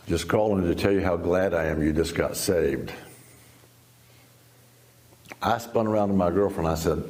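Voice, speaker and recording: A man's voice: low-pitched, normal speed, long pauses, a little mellow. A man in his seventies, a guest in an interview, telling his life story in a folksy, laughing, storytelling way. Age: 70s. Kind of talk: storytelling testimony.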